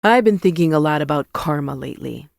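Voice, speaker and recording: Woman doing a sly flirty guy, low gravelly voice, dry close sound. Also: moderate pace, warm tone, dry recording, lightly acted. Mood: teasing. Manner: sly and conspiratorial.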